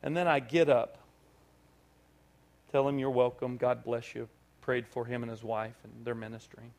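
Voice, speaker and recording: Man preaching an animated story sermon. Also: mid-range voice, moderate pace, vocal fry. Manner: animated storytelling, acting out dialogue. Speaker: pastor. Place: church service.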